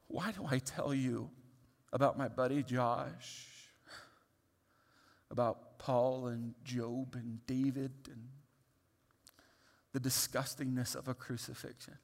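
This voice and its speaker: A man, a pastor, delivering a sermon that moves from quiet reflection to loud, pleading emphasis. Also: mid-range voice, steady tone, slow, gravelly, long pauses, big-room sound.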